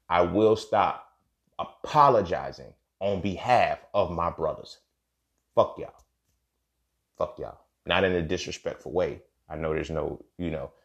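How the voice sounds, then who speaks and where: A man's voice: low-pitched, highs cut off. A young man hosting his own podcast, talking bluntly and with plenty of profanity. He repeats lines for emphasis and keeps checking in with "you feel me.". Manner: frequent "you feel me" asides. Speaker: podcast host. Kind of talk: candid solo podcast monologue.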